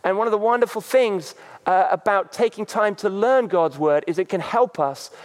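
A man preaching a sermon as a pastor, halting, with many fillers. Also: high-pitched. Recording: long reverb.

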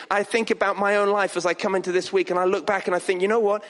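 A man preaching a sermon as pastor of a church, earnest, moving between soft quiet passages and raised emphatic ones. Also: high voice, fast, few pauses. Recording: long hall reverb.

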